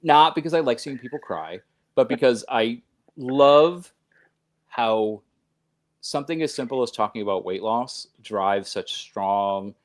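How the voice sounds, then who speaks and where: At a measured pace and in a mid-range voice, a podcast guest who runs his own show talks conversationally, earnest and emphatic, with long run-on sentences he keeps restarting.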